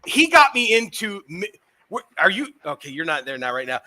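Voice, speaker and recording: A man's voice: high voice, sing-song, a little fast, pushed and bright. A man co-hosting a casual podcast, rambling, laughing and swearing, a bit tipsy after drinking. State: has been drinking. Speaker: podcast co-host. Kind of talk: casual chat.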